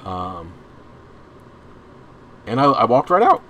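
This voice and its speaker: A young man chatting over his gameplay stream, drifting through a story with restarts and blunt swearing. His voice sits in an ordinary middle pitch, and the talk is loose and unscripted. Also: wildly swooping pitch, slow, bright, forceful tone. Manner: rambling, restarts often, swears freely. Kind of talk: casual storytelling while gaming.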